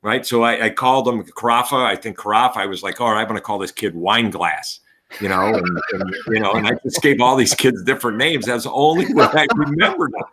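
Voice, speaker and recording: Bright-voiced man in his sixties. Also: medium pitch, a little fast, a little hiss or hum. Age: 60s. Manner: animated storyteller, acts out voices. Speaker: retiring teacher and coach. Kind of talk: casual podcast chat.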